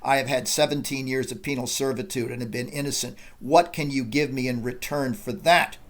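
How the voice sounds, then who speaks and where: Anguished army captain, read by a man, steady plain delivery, middle voice. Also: mid-range voice, brisk, natural voice. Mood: despairing. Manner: reads quotes aloud.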